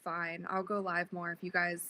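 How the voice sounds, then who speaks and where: A woman's voice: fairly low pitch, completely flat delivery, normal speed, sharp tone, poor audio. A young woman hosting a casual livestream, chatting with viewers, reading their comments aloud and laughing often, a bit sleepy. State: sleepy, yawning. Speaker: livestream host.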